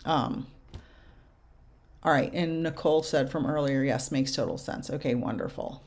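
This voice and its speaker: A young adult woman medium giving spirit messages to viewers in a casual live chat, halting and soft-spoken. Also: low voice. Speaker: medium answering viewer questions.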